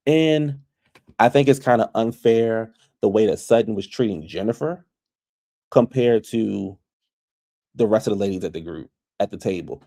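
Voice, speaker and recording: A man casually recapping a reality TV episode for his viewers, chatty and opinionated, quick to pass judgment on the cast. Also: lowish voice, gravelly, dark tone. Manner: chatty, gossipy, opinionated, addresses viewers as y'all.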